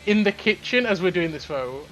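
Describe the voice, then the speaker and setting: A man's voice: high-pitched, normal speed. A young man hosting a casual chat, rambling and swearing as he tells stories. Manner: rambling, swears a lot, animated storytelling. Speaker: podcast host. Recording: faint music underneath.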